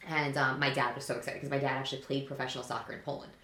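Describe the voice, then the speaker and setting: A woman's voice: rumbling low, very fast, echoey room. A middle-aged woman co-hosting a podcast, telling stories in casual chat and acting out the voices in quotes. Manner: animated storytelling, acts out voices in quotes. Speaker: podcast co-host.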